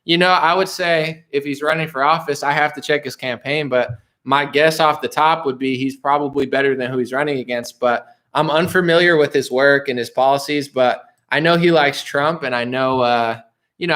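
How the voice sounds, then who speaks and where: A man's voice: medium pitch, fairly bright tone. A young man chatting loosely with his audience, rambling and laughing, full of "bro" and "dude". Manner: rambling, laughs often, restarts, mimics voices. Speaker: streamer answering chat. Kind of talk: casual livestream chat.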